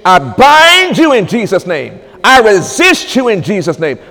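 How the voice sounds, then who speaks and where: Male preacher, high voice, swings from hushed murmurs to shouted commands, long hall echo. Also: huge pitch swings, unhurried, creaky. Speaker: pastor. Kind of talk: charismatic sermon.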